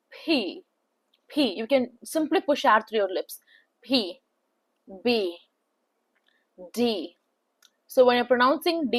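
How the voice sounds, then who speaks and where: A young woman with an Indian accent talking through test practice in a casual, filler-heavy way, often checking in with "okay". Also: a little high. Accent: Indian English. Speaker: placement test tutor. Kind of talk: casual spoken tutorial.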